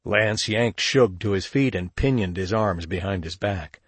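A man narrating a crime story in a steady, measured audiobook read. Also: low-pitched, breathy edge, no room sound. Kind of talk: scripted narration.

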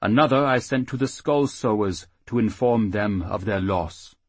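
A man voicing a small, solemn male halfling high priest who speaks formally and slowly. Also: no room sound, natural voice. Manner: formal, grave, slow.

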